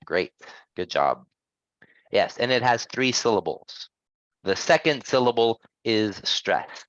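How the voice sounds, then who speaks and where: A man teaching English pronunciation in an online lesson, patient and encouraging, gently correcting his students. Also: mid-range voice, lively intonation, takes it slowly, no echo, lo-fi sound.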